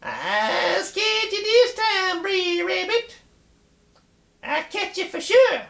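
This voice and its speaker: A man's voice: very high voice, sing-song, slow pace, creaky, a bit bright, roomy sound, voice pushed up, heavily acted. A man voicing a hungry, gloating male fox in a told folk tale.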